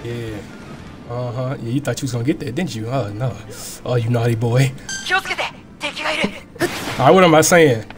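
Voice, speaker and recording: A man hosting a gaming channel, giving excitable, slangy, trash-talking live commentary while he plays. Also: mid-range voice, a little fast. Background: loud game music.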